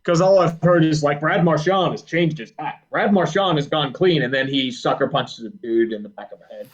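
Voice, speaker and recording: A man's voice: a little high, normal speed, lo-fi sound. A man co-hosting a sports talk stream, dropping dry wisecracks. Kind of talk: casual sports chat.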